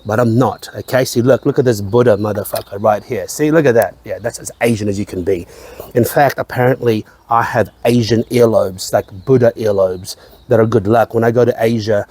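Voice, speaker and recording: A man's voice: mid-range voice, darkish tone. A man reviewing whisky in a casual chat, rambling, repeating his phrases and swearing now and then. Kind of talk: casual tasting-note chat.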